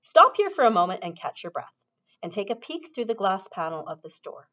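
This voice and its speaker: Casting: woman reading a quirky showman factory boss, lively and animated. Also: medium pitch. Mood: explaining. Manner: brisk, showman-like explaining. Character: eccentric excitable male chocolate-factory owner. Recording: dull lo-fi recording.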